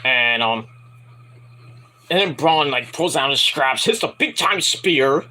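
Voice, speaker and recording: A man's voice: mid-range voice, expressive, slow, sharp tone, rough recording. A man giving a casual, rambling wrestling review from home at night, profane and frustrated.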